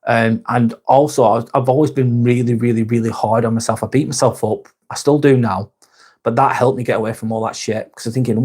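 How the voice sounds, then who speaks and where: A man in his forties talks at a middling pitch on a live vlog. He rambles candidly from one thought to the next, with swearing scattered all through the chat. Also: fairly even intonation, a little fast, darkish tone, slightly rough. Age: 40s. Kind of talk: casual live-stream chat.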